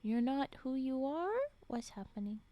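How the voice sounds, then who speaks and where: A woman's voice: high-pitched, very animated, a little slow, muffled recording. A woman reading as a tender, reassuring lover. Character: tender, protective woman comforting her partner.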